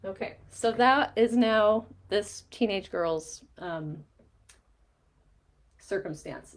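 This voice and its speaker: A middle-aged woman, a mindset coach, explaining a diagram and retelling a coaching conversation in a lively storytelling way. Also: mid-range voice. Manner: animated storytelling, quoting both sides of a conversation with light laughs. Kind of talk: explaining a coaching diagram while recounting a session.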